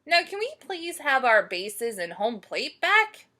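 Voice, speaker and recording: A woman's voice: sits high, very animated, slow pace, pushed and bright, pitched above the performer's own voice, heavily acted. A woman voicing an impatient, bossy young boy ballplayer in a children's storybook. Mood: exasperated.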